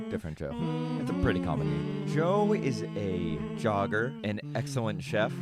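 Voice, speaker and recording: Playful man hosting, lively pitch. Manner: playful, teasing, quizzing the guest. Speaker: podcast host. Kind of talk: casual chat with a scripted show intro.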